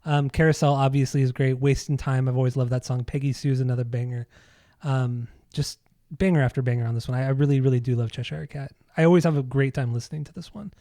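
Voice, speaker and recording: A man's voice: medium pitch, steady tone, fast talker, mellow, no room sound, clean studio sound. A young man co-hosting a casual podcast, laughing often and swearing with enthusiasm. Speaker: podcast co-host. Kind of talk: casual chat.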